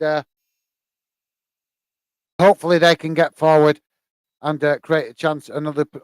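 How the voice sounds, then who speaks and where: A tired man hosts a live football watch-along, his talk full of fillers and restarts. His voice sits a little high and comes across smooth and clear. The sound is close and dry. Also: dry recording. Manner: rambling, many fillers. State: tired, yawning.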